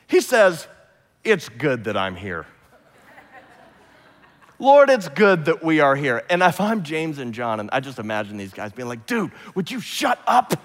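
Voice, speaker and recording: A man preaching a sermon, retelling scripture with lively, humorous storytelling. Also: high voice, long reverb tail. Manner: animated storytelling, imagines scenes aloud with humor. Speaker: pastor.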